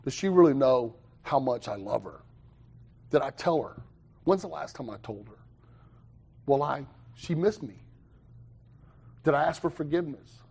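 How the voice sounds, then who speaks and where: A young man telling his own recovery story to a meeting, animated, with quick asides and self-mocking humor. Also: mid-range voice, creaky, slightly rough. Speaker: recovery speaker.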